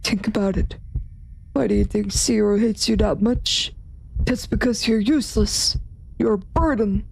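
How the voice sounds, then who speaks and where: A woman voicing a cruel, accusing inner voice in a visual novel, speaking slowly. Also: mid-range voice, vocal fry, darkish tone, a little hiss or hum, low-quality recording. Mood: taunting. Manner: cold, accusing. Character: cruel taunting inner voice, female. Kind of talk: reading a visual novel aloud.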